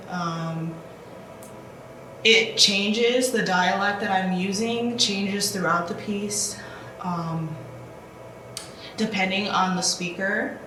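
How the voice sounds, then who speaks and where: A woman's voice: mid-range voice, a bit bright. A woman poet talking casually and hesitantly about her poem, with many ums and likes. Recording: distant, echoey with background noise.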